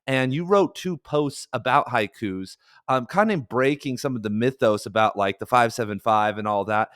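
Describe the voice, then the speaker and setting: Brief: male podcast host, mid-pitched, excitable and slangy, dry close mic. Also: moderate pace, clean tone, no room sound. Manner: enthusiastic, slangy, hyped. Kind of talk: casual podcast interview.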